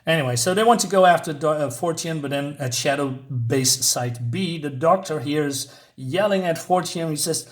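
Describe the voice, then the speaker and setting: Rambling man reviewing comics, higher voice. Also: normal speed. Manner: rambling, hesitant, many fillers.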